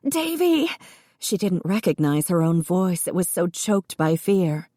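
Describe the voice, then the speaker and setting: A woman reading an audiobook in steady, expressive narration. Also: lowish voice, measured pace, no echo, studio quality.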